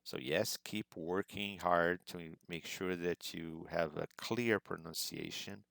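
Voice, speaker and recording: A man giving an instructional presentation as an English exam prep teacher, measured and explanatory, stressing key words. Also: low-pitched, fairly even intonation, gravelly, a bit bright, no room sound.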